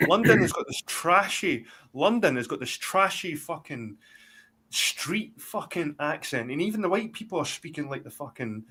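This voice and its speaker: A man's voice: on the high side, lively intonation, moderate pace, pushed and bright, breathy edge. A man with a Scottish accent, talking bluntly in a rambling, heavily sworn live-stream chat. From Scotland. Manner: blunt, heavy swearing, rambling. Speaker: guest.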